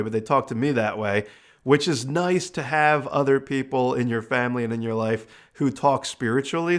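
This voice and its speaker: Chatty man telling a story. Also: mid-range voice. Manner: relaxed, chatty, with fillers like uh and you know. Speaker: host and medium. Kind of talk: casual storytelling.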